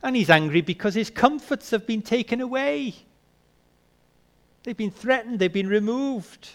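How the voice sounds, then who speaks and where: A man preaching a sermon, asking rhetorical questions and swinging between soft and emphatic delivery. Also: very high-pitched, expressive, unhurried.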